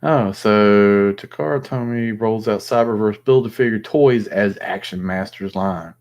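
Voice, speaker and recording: Rambling low-voiced man. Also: unhurried, darkish tone. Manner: rambling, thinking aloud with fillers. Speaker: host. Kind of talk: casual live chat.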